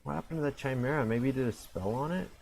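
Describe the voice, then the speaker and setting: A man's voice: mid-range voice, fast, gravelly, darkish tone, poor audio. A man casually commentating his own game, rambling and self-mocking, with frequent fillers and restarts. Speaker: gameplay commentator.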